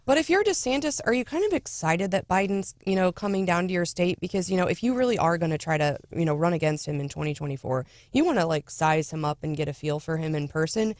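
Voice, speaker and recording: A woman's voice: lowish voice, lively intonation, quick pace, hardly any pauses, a little mellow, dry recording, studio quality. A woman co-hosting a political talk radio show, chatting casually and making sarcastic asides. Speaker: radio co-host.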